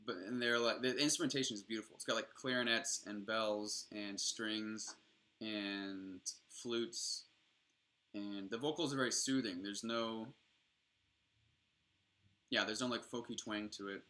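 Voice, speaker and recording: Bright-voiced young man chatting on stream. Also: fairly low pitch, fairly even intonation, a little slow. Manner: rambling, profane, enthusiastic. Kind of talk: casual stream chat.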